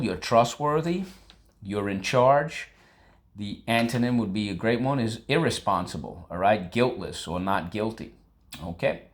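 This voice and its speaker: A male teacher leading a classroom vocabulary lesson, breaking words into syllables and having students repeat them, with casual asides and frequent okays. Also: lowish voice.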